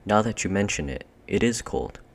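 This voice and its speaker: A man voicing an earnest, decent eldest boy who leads his siblings, in brisk, well-spoken schoolboy talk. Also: lowish voice, expressive. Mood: eager.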